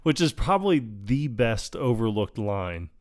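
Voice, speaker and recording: A man's voice: medium pitch, very animated, a little slow, a little mellow, no room sound, studio quality. A man co-hosting a podcast, chatting casually about a film and laughing often as he retells scenes. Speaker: podcast co-host.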